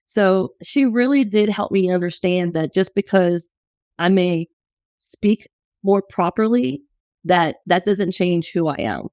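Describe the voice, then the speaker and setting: In a candid, conversational interview, a business owner from New Orleans, USA, chats openly and tells stories with fillers. Her fairly low, slightly mellow voice is animated yet slow-paced, and the studio-quality recording has no room sound.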